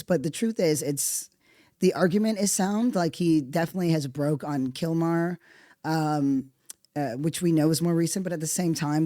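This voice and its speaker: A podcast host talks alone into a close mic, sarcastic and profane, jumping between loud outbursts and hushed asides. The voice sits in the middle of the pitch range, and the sound is dry, with no room echo at all. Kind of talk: solo podcast monologue.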